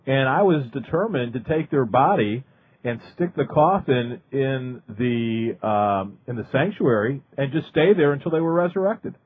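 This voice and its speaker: A man's voice: medium pitch, expressive, unhurried, slightly rough, no room sound. A man hosting a radio talk show, earnest, often stumbling and repeating words. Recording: narrow phone-like radio sound.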